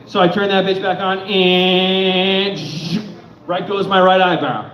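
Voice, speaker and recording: A man's voice: sits high, steady tone, slow pace. A young man from Connecticut performing a crude, profane stand-up set on a club stage. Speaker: stand-up comic. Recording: echoey club room, dull sound.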